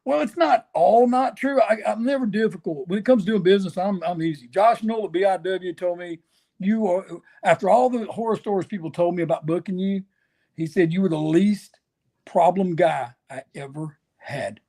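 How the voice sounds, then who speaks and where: Man, high-pitched, gravelly, folksy storyteller, acts out the voices. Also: normal speed. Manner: folksy, animated storyteller who acts out quotes. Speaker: guest, wrestler. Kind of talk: storytelling interview.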